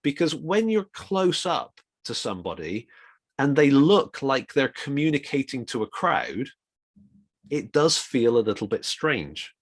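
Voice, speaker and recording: A middle-aged man giving an informal, reflective talk on communication for ministry, with quick asides. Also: medium pitch, very animated, no echo, clean studio sound. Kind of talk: conversational talk.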